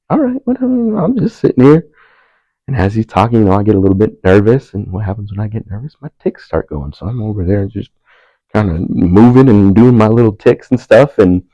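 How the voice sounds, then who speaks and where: A man's voice: low-pitched, dark tone, no room sound, lo-fi sound. A young man on a panel telling a personal story in a laid-back, self-mocking way, laughing often. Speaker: panel speaker.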